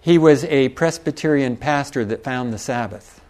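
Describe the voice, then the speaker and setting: A man's voice: medium pitch, moderate pace, a little mellow. A middle-aged man preaching a sermon, telling a folksy story with chuckles and asides to the congregation. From Texas.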